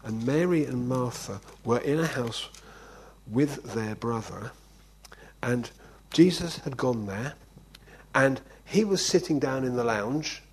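A man's voice: medium pitch, expressive, slow pace, breathy edge, poor audio. A man preaching an informal sermon in a conversational way, often checking in with "okay?". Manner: conversational, keeps asking "okay?".

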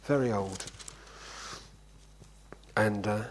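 A man's voice: on the low side, drawn-out words, a little hiss or hum, poor audio. A man preaching an informal sermon in a conversational way, often checking in with "okay?". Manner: conversational, keeps asking "okay?".

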